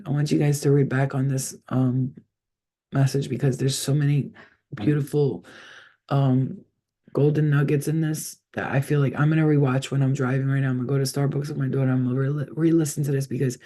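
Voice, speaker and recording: A man's voice: medium pitch, steady tone, a little fast, warm tone. A man, a psychic reader, chatting casually with his viewers on a live stream, rambling and swearing freely.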